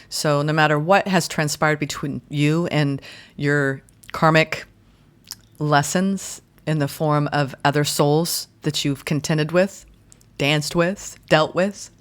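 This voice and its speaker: A woman giving a guided tarot and astrology reading in a gentle, soothing way, speaking in slow, deliberate phrases. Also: low-pitched. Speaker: tarot reader.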